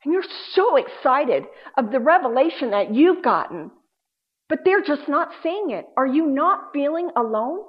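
A woman's voice: high voice, moderate pace. Dull-sounding woman preaching a sermon. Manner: expressive, swings from loud emphasis to hushed tones.

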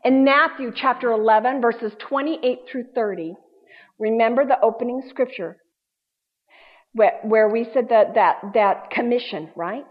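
A woman preaching a sermon, swinging between loud emphasis and hushed, quiet passages. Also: fairly high pitch, unhurried. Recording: dull lo-fi sound.

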